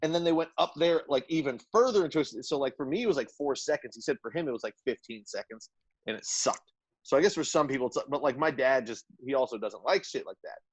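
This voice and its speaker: A man's voice: mid-range voice, animated, quick pace, breathy edge, no echo. A man co-hosting a podcast who tells a rambling, profane story in casual chat, padded with "like" and laughter. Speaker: podcast co-host.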